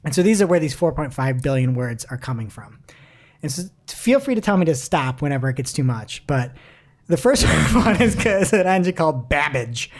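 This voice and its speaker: A woman's voice: low voice, very animated, normal speed. A woman co-hosting a casual marketing news podcast, chatting animatedly, often laughing and reading quotes aloud. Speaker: podcast co-host.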